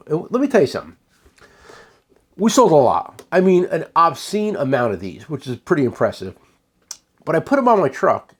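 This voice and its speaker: A man who owns a tool shop, giving a casual, rambling sales demo of his products and often restarting his sentences. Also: a little high. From United States.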